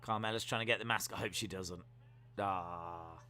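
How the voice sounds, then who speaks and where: A man giving jokey live reactions while watching a wrestling show, now and then letting out sudden loud yells. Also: low-pitched, fairly even intonation, normal speed. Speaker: wrestling watch-along streamer.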